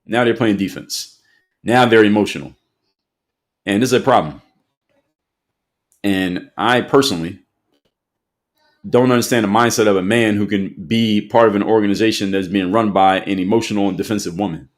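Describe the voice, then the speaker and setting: A man's voice: fairly low pitch, normal speed, pauses often. A man hosting an opinion commentary show, speaking emphatically and repeating his points for effect.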